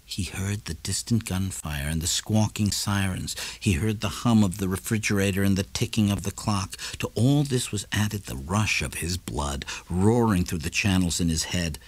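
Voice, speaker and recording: A man reading a novel aloud in measured, lively storytelling narration. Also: deep voice. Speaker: audiobook narrator. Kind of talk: scripted narration.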